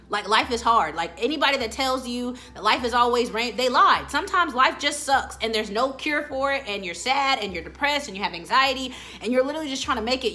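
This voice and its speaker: A woman's voice: a little high, pushed and bright. A woman in her late twenties talking candidly and chattily to her viewers in a casual motivational vlog. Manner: candid, chatty, addresses viewers directly as "y'all". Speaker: vlogger, motivational talk host. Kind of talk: casual motivational talk to camera.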